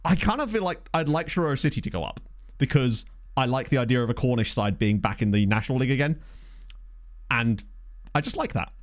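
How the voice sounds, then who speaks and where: Streamer, man, lively up-and-down delivery, chatty play-by-play as he plays. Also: medium pitch, brisk. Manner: excitable, chatty, thinks aloud. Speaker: video game streamer. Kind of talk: live gameplay commentary.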